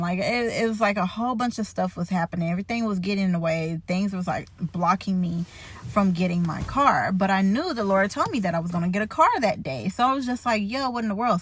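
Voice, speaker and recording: A young woman telling a story in a casual faith vlog, chatty and animated, laughing and full of fillers. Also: lowish voice, no echo. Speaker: faith vlogger.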